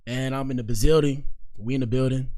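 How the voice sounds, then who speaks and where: Casting note: male podcast host, weary and laid-back, loose slang, rambling asides, mid-pitched. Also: fairly even intonation, fairly quick, very noisy. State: tired. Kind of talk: casual commentary on news clips.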